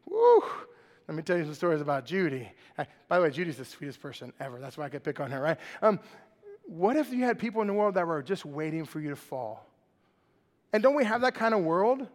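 A preacher with a high voice gives a lively, joking sermon to a congregation, checking in with them with a quick "right?". His voice rings out with a long reverb through a large church hall. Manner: lively and joking, asks the crowd "right?" often.

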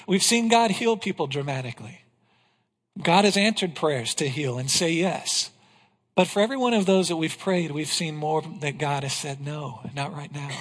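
A male pastor preaching a sermon in a church, emphatic, asking rhetorical questions and dropping to a hush on key lines. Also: fairly high pitch. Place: church sanctuary. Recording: long hall reverb.

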